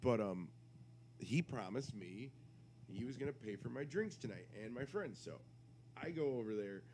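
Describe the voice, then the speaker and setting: A man's voice: mid-range voice, animated, normal speed, a little mellow, slight background noise. A man on a podcast, telling a rambling, crude story in casual chat and interrupting himself as he goes. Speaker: podcast co-host.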